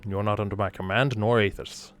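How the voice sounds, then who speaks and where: Dragonborn scholar, male, reserved and formal, voiced by a man. Low register. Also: fairly even intonation, fairly bright tone, soft background music, natural voice. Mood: calm. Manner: formal, measured.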